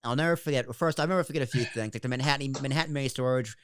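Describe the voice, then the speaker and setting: A young man who is a podcast guest, chatting casually and teasing his friend with quick, swearing asides. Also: mid-range voice, a bit bright, a little hiss or hum. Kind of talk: casual chat.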